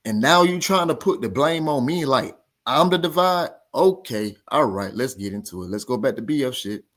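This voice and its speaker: Speaking at normal speed in a mid-range voice, a boxing talk show host goes on an animated, argumentative rant, heated but casual. He keeps repeating his points for emphasis.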